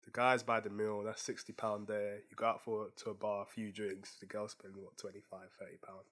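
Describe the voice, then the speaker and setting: A man's voice: fairly low pitch, level tone, a little fast, fairly bright tone. Jokey young man who stammers. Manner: stammers at starts, jokey and emphatic. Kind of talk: casual chat.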